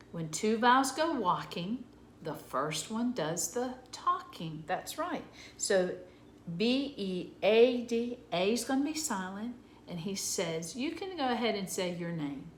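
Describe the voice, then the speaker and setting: Slow, patient woman teaching phonics. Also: mid-range voice, roomy sound, slight background noise. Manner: slow, patient, sounding out letters. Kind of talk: early reading lesson for young children.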